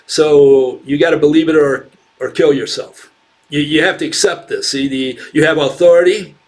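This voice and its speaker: A man's voice: a little high, fairly even intonation, moderate pace, a little mellow, slight background noise. A man giving unscripted commentary as a channel host, scornful and argumentative, firing rhetorical questions with frequent fillers and restarts.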